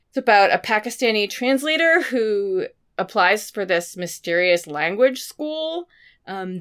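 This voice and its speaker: A woman's voice: medium pitch, a bit bright, smooth. A woman co-hosting a book podcast, chatting casually and enthusiastically with many "like"s, while a bit sick. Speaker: podcast co-host.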